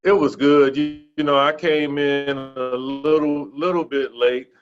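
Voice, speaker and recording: A man, a guest telling stories in a relaxed, easygoing way. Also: a little high, a little slow, music in the background. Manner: relaxed, warm storytelling with many "you know" fillers. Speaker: podcast guest, former football player. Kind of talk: casual interview conversation. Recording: dull lo-fi remote audio.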